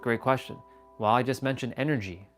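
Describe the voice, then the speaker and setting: A man hosting a fitness livestream, talking in a casual, animated, rambling way and swearing freely. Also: medium pitch, brisk, soft background music. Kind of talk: casual motivational livestream talk.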